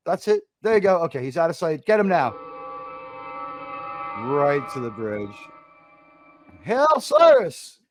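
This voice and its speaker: A man's voice: on the high side, very animated, moderate pace, pauses often, over music. Joking American man hosting a panel. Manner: jokey, bursts into loud laughing asides. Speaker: panel host. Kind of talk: casual joking chat.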